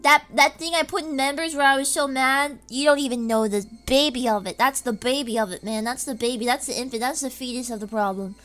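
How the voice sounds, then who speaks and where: A woman's voice: high voice, brisk, hardly any pauses, a bit bright. A woman streaming casually from home, rambling in an erratic way and breaking into screams and laughs. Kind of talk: casual live-stream chat.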